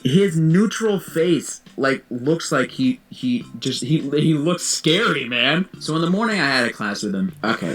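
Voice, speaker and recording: A young man telling an animated, giggly story in casual chat with a friend. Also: medium pitch.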